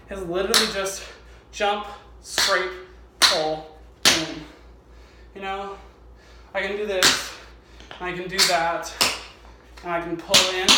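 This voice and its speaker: In his home garage, a man with a high-pitched voice gives a casual, rambling tap-dancing tutorial, mocking himself and swearing often. The recording is very noisy, with the echoey garage filled by loud clatter from tap shoes clicking on the floor.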